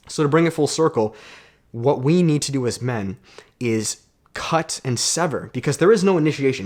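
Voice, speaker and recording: A young man delivers a self-help monologue with an emphatic, coaching drive. He talks casually, swears now and then, and keeps checking in with "right?". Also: mid-range voice. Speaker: self-development YouTuber. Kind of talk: motivational monologue.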